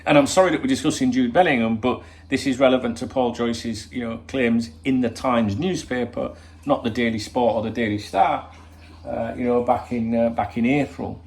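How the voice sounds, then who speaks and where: A man's voice: mid-range voice, fairly even intonation, normal speed. A man hosting a football channel, talking in a rambling, swear-laden opinion monologue full of rhetorical questions.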